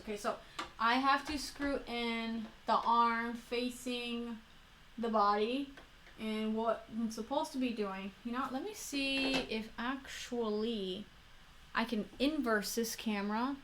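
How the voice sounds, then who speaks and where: A woman's voice: on the high side, fairly bright tone, a little hiss or hum. A young woman with a Florida accent, chatting casually on a livestream while building a model kit, rambling and correcting herself as she goes.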